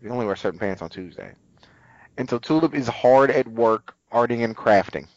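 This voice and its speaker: A man chatting casually as a co-host, his pitch leaping around as he retells an episode and slips into quoted lines. The sound is dry and close, with a slightly dull, muffled tone. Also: normal speed, no echo. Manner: animated retelling, acts out quotes. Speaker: podcast co-host. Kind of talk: casual recap chat.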